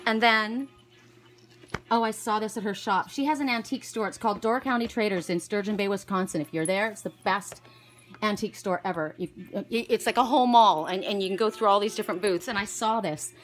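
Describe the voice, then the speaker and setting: A woman's voice: medium pitch, fairly quick, rough recording. A middle-aged woman chatting casually to camera about her day and a gift, rambling and effusive with many restarts. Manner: effusive, rambling, full of restarts and gushing exclamations. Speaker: vlogger and spiritual reader.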